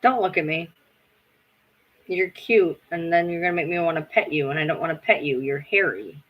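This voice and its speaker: A man's voice: a little high, animated, moderate pace, lo-fi sound. A man chatting casually on a live stream, rambling, swearing freely and answering his chat as he goes.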